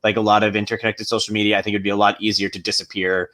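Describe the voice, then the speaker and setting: A man's voice: lowish voice, little pitch movement, very fast, bright, forceful tone. A man chatting casually as a player in a tabletop game, rambling with many restarts.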